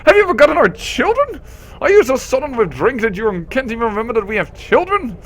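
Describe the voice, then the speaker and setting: A man voicing a sweet, timid young woman who is gentle and giggly, speaking in a breathless, pleading way. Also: sits high, expressive, a little fast. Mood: scolding.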